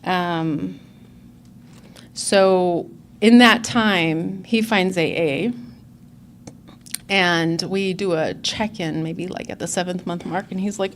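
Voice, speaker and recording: A woman's voice: on the low side, slow pace, pauses often, slight background noise. Woman giving a candid recovery talk. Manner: candid, earnest storytelling. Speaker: conference speaker. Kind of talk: personal recovery testimony.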